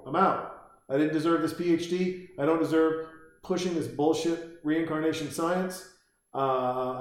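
A man in a home room reacts to a film over a beer, his medium-pitched voice echoing off the walls. Casual and rambling, he jokes around, swears, and acts out quotes.

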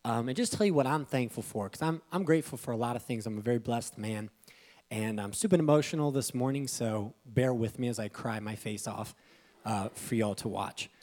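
Excitable young man preaching from a stage. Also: medium pitch, fairly quick. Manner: casual, emotional and excitable, with sudden loud bursts. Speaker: pastor. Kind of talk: sermon. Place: church stage.

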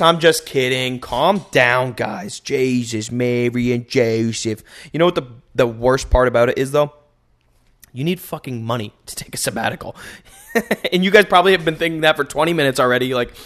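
A man hosting a solo podcast, rambling in an animated, profane way into a microphone. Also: mid-range voice, fairly quick. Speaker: podcast host.

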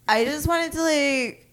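A woman's voice: sits high, fairly bright tone, voice pushed up, heavily acted. A woman playing a brash, crude caller. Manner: crude, rambling with frequent "like". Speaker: prank caller. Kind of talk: improvised comedy call-in.

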